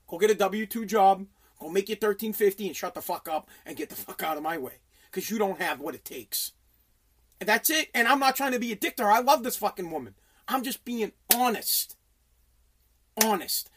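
Brash business owner, 30s, aggressive swearing motivational rant. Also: male voice, high-pitched, lively intonation, normal speed, a bit bright. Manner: profane, aggressive, emphatic. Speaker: business owner and radio host.

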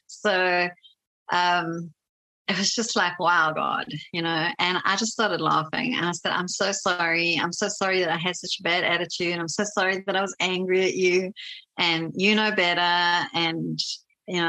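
Bright-voiced woman telling a faith story. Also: on the low side, rough recording. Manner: animated, laughs often, many fillers. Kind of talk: casual personal storytelling.

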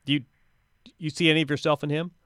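A man's voice: a little high, steady tone, quick pace, fairly bright tone, smooth, no room sound, clean studio sound. A man interviewing a guest about tennis, talking conversationally with frequent restarts. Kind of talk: sports interview.

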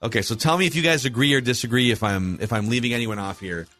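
A Minnesota-accented man in his forties hosts a casual sports podcast, eagerly and enthusiastically running through rankings. His mid-range voice moves at a quick pace and sounds a bit bright, with faint music in the background.

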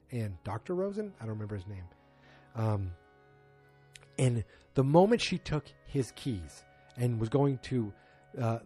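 A man casually recapping a TV episode in a rambling way, acting out the characters' lines as he goes. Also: medium pitch. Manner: rambling, animated, quotes characters.

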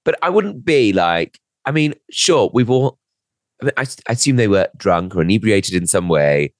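A man with a low voice rambles through a self-mocking story on a comedy podcast. His pitch swings widely as he trails off mid-sentence. The sound is dry and close. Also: sing-song, normal speed, no echo. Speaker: podcast co-host. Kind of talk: casual chat.

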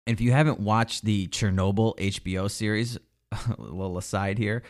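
Guy ranting sarcastic political commentary, kinda low voice, fed up. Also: fairly even intonation, moderate pace. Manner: sarcastic, exasperated, mocking. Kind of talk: ranting monologue.

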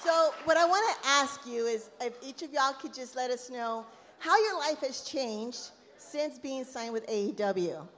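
A woman's voice: high-pitched, measured pace, fairly bright tone. Upbeat woman hosting in a hall. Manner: enthusiastic, gushing, Southern "y'all". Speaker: podcast host. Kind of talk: casual live podcast chat. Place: live event hall with audience. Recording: live hall with long reverb.

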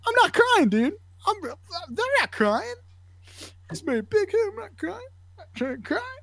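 Man doing a squeaky tearful little boy. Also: sing-song, a little slow, creaky, a bit bright, no echo, full character voice. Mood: defensive. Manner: high squeaky indignant protesting. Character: small boy football player, tearful, defensive.

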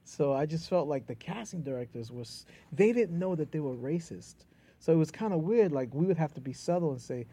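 New York man with a mellow voice. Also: on the high side, a little fast, husky. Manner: animated storyteller, drops into quoted voices and laughs. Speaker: comedian and playwright guest. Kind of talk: casual conversation.

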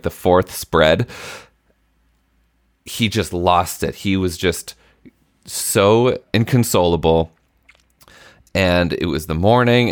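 Very deep-voiced man, dry close sound. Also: no echo. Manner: earnest, self-deprecating storytelling with restarts. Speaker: podcast co-host. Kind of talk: casual chat.

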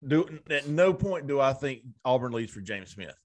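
A man's voice: medium pitch, moderate pace. Male host, casual recruiting talk, stammers and restarts often. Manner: stammering restarts, animated storytelling. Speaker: podcast host. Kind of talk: casual sports recruiting chat.

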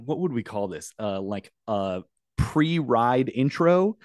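A man's voice: medium pitch, animated, takes it slowly, no echo, clean studio sound. Chatty man co-hosting a podcast. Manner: chatty storyteller. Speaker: podcast co-host. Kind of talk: casual chat.

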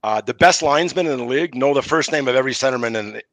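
A middle-aged man, a former referee, telling lively anecdotes on a podcast and acting out the quotes. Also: medium pitch, racing, dry recording, low-quality recording. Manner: animated anecdotes, acts out quotes. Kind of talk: casual storytelling on a podcast.

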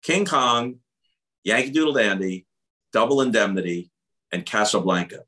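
A man in his seventies from the New York area, a veteran sports broadcaster telling stories as an articulate, animated interview guest. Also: lowish voice, normal speed, poor audio. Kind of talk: casual interview storytelling.

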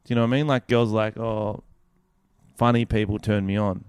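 A man's voice: lowish voice, fairly even intonation, a little fast, a little mellow, smooth, dry recording, studio quality. A young Australian man co-hosting a podcast, chatting in casual crude banter, joking and swearing freely. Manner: joking, swears freely, does mock accents. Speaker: podcast co-host.

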